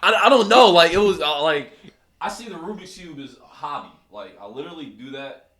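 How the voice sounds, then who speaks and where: A young man, a rapper guest on a podcast, telling a story in a relaxed casual way, laughing often and acting out other people's lines. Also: a little high, a little fast. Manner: laughs often, acts out voices in anecdotes.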